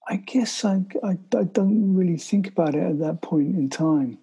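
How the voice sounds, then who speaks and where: A middle-aged man, telling a story as an interview guest, often halting and restarting his sentences. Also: high voice, creaky, mellow, slightly rough, rough recording. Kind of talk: storytelling in conversation.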